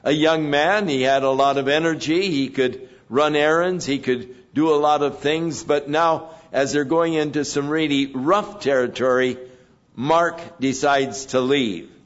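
A man preaching an expository sermon in a measured way, pausing between phrases. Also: on the high side, dull audio. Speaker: pastor.

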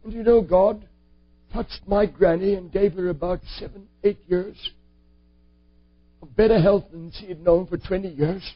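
High-pitched husky male preacher. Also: fairly even intonation, moderate pace. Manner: earnest, emphatic. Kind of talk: sermon storytelling. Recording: dull lo-fi recording.

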